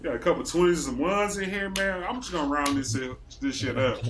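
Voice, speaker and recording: A man's voice: on the high side, expressive, fairly quick, noisy background. A man from Racine, Wisconsin, a podcast host telling a story in loose casual chat, acting out the quotes and swearing freely.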